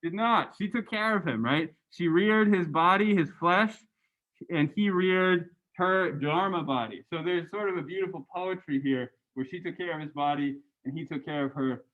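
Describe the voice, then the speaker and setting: A man lecturing a university class and going over graded answers, animated and chatty, often adding "right?". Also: fairly high pitch, moderate pace, narrow, tinny audio. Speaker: university religious studies lecturer.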